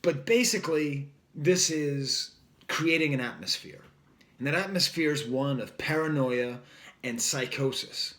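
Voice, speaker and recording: A man's voice: a little high, unhurried, fairly bright tone. Rambling man reviewing a record. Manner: rambling, many fillers, wry. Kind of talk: casual music review.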